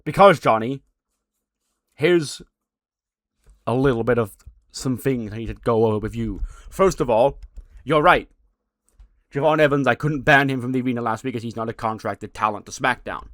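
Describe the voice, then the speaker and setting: A man's voice: mid-range voice, normal speed, pauses often, fairly bright tone, dry recording, studio quality, natural voice. A man voicing a formal male authority figure, patient and slightly sarcastic.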